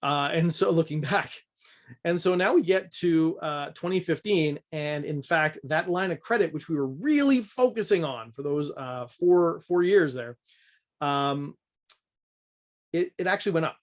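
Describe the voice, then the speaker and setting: A man's voice: fairly high pitch, unhurried. A man from Canada teaching a budgeting course in a casual, candid, self-deprecating way.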